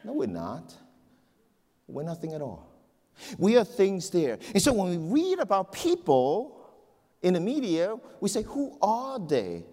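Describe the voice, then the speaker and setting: A middle-aged male pastor telling a joke and preaching in a church, as an animated storyteller who repeats words. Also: high voice, unhurried, pauses often. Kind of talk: sermon with a joke. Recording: long church hall reverb.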